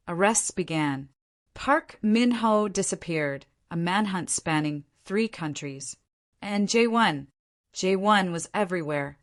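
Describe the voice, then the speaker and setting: A woman narrating a scripted romance story in a dramatic, measured way. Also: lowish voice.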